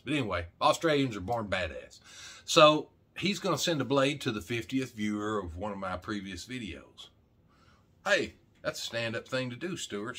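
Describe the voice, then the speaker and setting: Lowish, bright, and forceful with a breathy edge, this voice belongs to a middle-aged channel host from Arkansas, USA. He rambles casually on his vlog, folksy and joking, speaking directly to the camera and saying "man" a lot.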